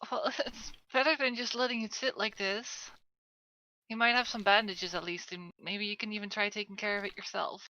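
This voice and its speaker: A woman's voice: mid-range voice, steady tone, moderate pace, pushed and bright, lo-fi sound. A woman playing in a tabletop game over a voice call, listing her gear and asking the game master questions. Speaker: player.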